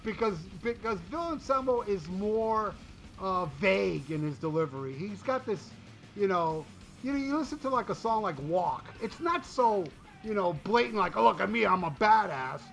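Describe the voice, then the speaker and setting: A man with a high, bright voice talks casually on a podcast. He rants and mocks with plenty of profanity. Faint music plays under him. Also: lively intonation, moderate pace. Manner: profane, ranting, mocking. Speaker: podcast co-host reviewing an album. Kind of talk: casual chat.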